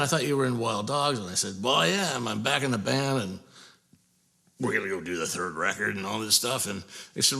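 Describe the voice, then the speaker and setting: A man from Portland, Oregon, spins a long, rambling story about his days in a metal band. His voice has a gravelly edge and sits at an ordinary middle pitch. He jumps into the voices of the people in his tale as he goes. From Portland, Oregon, USA. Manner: rambling, animated, acts out quoted dialogue. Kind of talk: casual storytelling.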